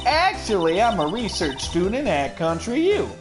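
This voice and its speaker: A woman's voice: fairly low pitch, very animated, normal speed, music in the background. A woman voicing a folksy young Southern woman photographer, putting on a drawling Southern US accent. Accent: Southern US, put on. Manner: drawling, chatty, homespun sayings.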